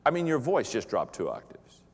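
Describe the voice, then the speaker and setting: Addressing pastors before an audience in a large hall, this middle-aged man speaks at a moderate pace in a medium-pitched voice with huge pitch swings. The talk is humorous and motivational, full of jokes and playful impressions, and the hall adds long reverb.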